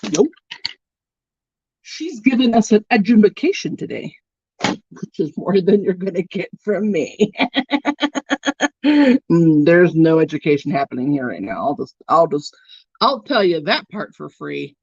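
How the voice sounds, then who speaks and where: A drowsy woman hosts a livestream, trading jokes with viewers while she works on her makeup. Her pitch leaps and dips freely as she teases. The sound is dull and lo-fi, with no room echo around her. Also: big pitch swings, unhurried, darkish tone, slightly rough. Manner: playful and teasing, yawning often. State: sleepy. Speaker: livestream host doing makeup. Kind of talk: casual chat with live viewers. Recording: dull, lo-fi and dry.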